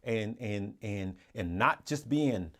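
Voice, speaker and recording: A man's voice: on the low side, expressive, slow pace, a bit bright. A man hosting a live stream, chatting casually with viewers in an earnest, motivational way, rambling with frequent restarts and repeated words. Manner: rambling and repetitive, with restarts and stammers. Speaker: livestream host.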